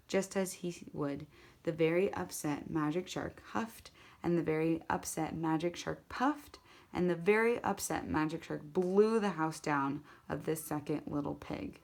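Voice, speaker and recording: A woman tells a children's tale aloud in a lowish, even voice. Her telling is lively and repetitive, with little slips and restarts along the way. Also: unhurried, creaky. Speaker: storyteller. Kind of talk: storytelling to an audience.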